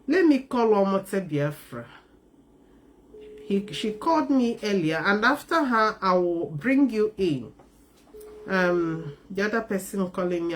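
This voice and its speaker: A woman hosting a live call-in talk program, speaking in a measured, emphatic way and repeating key phrases. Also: medium pitch, slight background noise.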